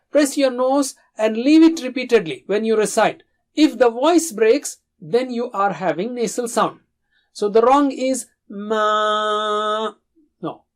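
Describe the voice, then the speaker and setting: Slow, careful recitation teacher. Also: medium pitch, darkish tone. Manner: slow, careful, stresses single syllables for pupils to copy. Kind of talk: recitation lesson with repeat-after-me drills.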